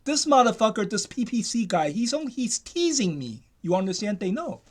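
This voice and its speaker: A man's voice: sits high, sing-song, fairly quick. A man ranting in a commentary, emphatic and repetitive, often restarting his sentences.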